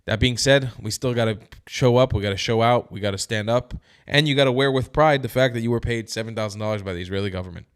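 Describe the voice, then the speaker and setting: Talking fast with few pauses, a man with a clean, medium-pitched voice offers emphatic, heated news commentary to his viewers. He's a commentary vlogger, and he sounds tired, yawning as he goes.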